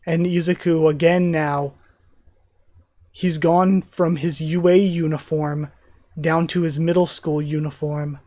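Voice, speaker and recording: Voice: medium pitch, flat delivery, slow pace, darkish tone, dry recording. A channel host giving an earnest, enthusiastic live reaction to new manga chapters, emotional and close to tears. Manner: earnest, enthusiastic fan commentary. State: emotional, tearing up. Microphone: facing camera, close mic.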